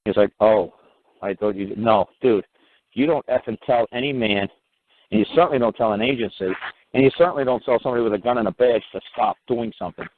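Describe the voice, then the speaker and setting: A man's voice: mid-range voice, fast, slight background noise. Blunt New York man on a tinny phone line. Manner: blunt, profane, animated storytelling with mocking quotes. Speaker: talk show guest giving advice. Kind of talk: casual phone-in talk.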